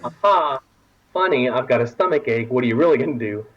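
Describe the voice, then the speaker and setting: Husky Texan man telling a raunchy story. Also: medium pitch, lively intonation, brisk, highs cut off. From Texas. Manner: laughing often, acting out quoted voices. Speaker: podcast guest. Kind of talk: casual storytelling.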